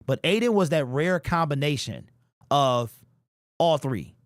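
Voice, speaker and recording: Male sports-talk host, emphatic and emotional, slightly high voice, dry close sound. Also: lively intonation, unhurried, dry recording. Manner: emphatic, emotional, talks straight to the player. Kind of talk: live-stream sports talk with chat.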